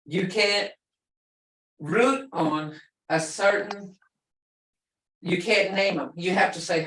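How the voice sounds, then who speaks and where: A chatty woman instructor talks casually with her class and repeats words slowly so they can follow. Her voice sounds echoey and a little distant from the mic, as if picked up across a room. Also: medium pitch, fairly bright tone. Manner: chatty, explains with stories, repeats words for learners. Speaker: language instructor.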